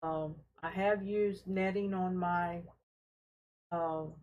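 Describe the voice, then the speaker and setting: A woman hosting a casual fish-keeping live stream from her home fish room, talking in an unhurried, friendly way with fillers as she carries her camera from tank to tank. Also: on the low side, fairly even intonation, dull audio. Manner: unhurried, friendly, talks while showing tanks, with fillers. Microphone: handheld camera she carries around.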